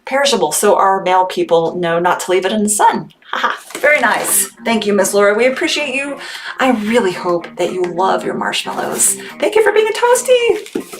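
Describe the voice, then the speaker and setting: A woman's voice: medium pitch, big pitch swings, moderate pace. A chatty, bubbly woman who laughs often, running a casual live sales stream for her small family business while packing orders. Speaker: small business owner selling on a livestream. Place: home workspace packing orders. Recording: background noise with clicks.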